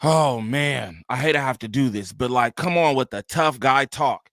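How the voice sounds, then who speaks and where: A man's voice: mid-range voice, normal speed, fairly bright tone, dry recording, studio quality. A man hosting a reaction channel, giving joking, slangy commentary. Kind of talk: casual commentary.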